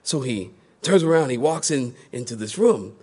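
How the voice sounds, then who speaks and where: A man's voice: normal speed, heavy background noise. A male pastor preaching a sermon, telling stories animatedly and acting out the people in them. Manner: animated storytelling, acting out voices with big pitch jumps.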